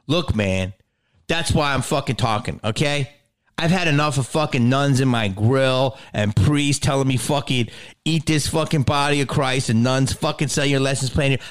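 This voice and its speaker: A man's voice: medium pitch, a bit bright, no echo, studio quality. A man hosting a solo podcast, ranting in a blunt, profane way. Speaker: podcast host.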